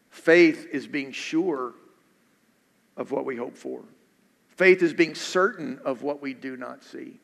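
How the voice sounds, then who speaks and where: A man's voice: mid-range voice, slow, gravelly, pauses often. A male pastor preaching a sermon in an earnest way, repeating questions for emphasis. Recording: echoey hall.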